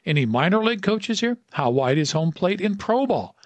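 A man's voice: high voice, sing-song, moderate pace, no room sound, pitched above the performer's own voice. A man voicing an old male baseball coach who lectures emphatically and bellows. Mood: booming.

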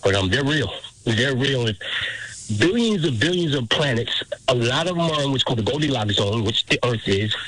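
A man's voice: mid-range voice, animated, moderate pace, a bit bright, poor audio. An older man calling into a radio show by phone, earnest and close to tears. His speech halts and restarts as he fights his emotion. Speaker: caller, military veteran. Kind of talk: call-in story. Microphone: telephone.

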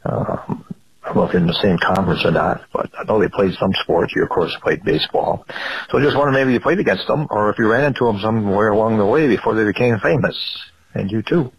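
A man's voice: lowish voice, fast, creaky, dull audio, slight background noise. A man from Wisconsin calling in to a radio show, asking a rambling, hesitant, friendly question. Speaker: caller. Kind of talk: phone-in question.

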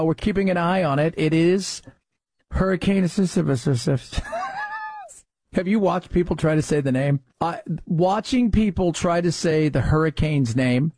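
Middle-aged radio guy joking around, a bit high-pitched, totally dry booth sound. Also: darkish tone, no room sound. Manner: jokey, mangles names playfully, laughs at himself. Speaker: radio talk show host. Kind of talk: casual talk radio with live ad reads. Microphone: studio microphone.

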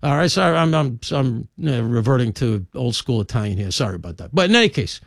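A man's voice: medium pitch, animated, fairly quick, gravelly, dry recording, studio quality. A man hosting a talk show, delivering a rambling, opinionated monologue full of asides and emphatic jabs.

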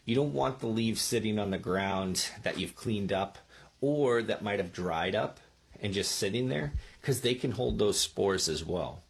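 A man's voice: fairly low pitch, expressive, a little slow, gravelly, slightly rough. A man giving casual gardening advice into a microphone, chatty and often checking in with the listener with "okay?" and "right?". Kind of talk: casual instructional talk. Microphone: speaking into a microphone.

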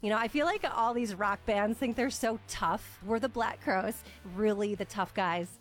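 A woman co-hosting a radio-style show, reacting with quick exclamations. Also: mid-range voice, faint music behind. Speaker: co-host. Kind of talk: casual chat.

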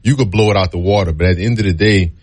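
Low-voiced man, laid-back storytelling, does the voices when he quotes people. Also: very fast, darkish tone, husky. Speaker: guest, former college football player. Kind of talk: casual storytelling interview.

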